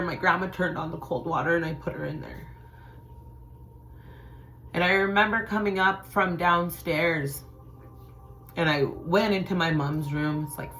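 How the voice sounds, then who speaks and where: Low-voiced woman telling a personal story. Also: slight background noise. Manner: animated retelling, acts out quoted voices; loose, conversational with many "like"s. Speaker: spiritual channel host.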